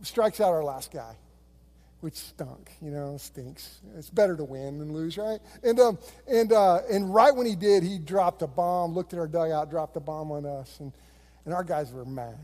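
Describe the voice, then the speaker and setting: A middle-aged man preaches a sermon as a pastor, weaving stories into it in an easygoing, conversational way. His voice sits high for a man yet sounds warm and mellow. A long reverb trails behind him in a large hall. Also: normal speed.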